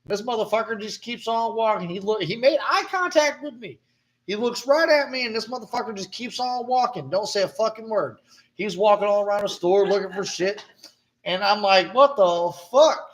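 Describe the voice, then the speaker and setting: A man with a notably high-pitched voice talks in casual, profane chat. He vents bluntly and swears constantly, and he coughs now and then between stories. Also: moderate pace. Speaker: podcast co-host.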